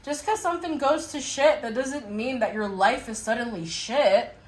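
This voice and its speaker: A woman's voice: on the high side, normal speed, roomy sound, poor audio. A young adult woman giving a casual tarot reading to her viewers, chatty and blunt, laughing and swearing as she acts out exasperated remarks. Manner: acts out exasperated quotes in a mocking voice. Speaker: tarot reader.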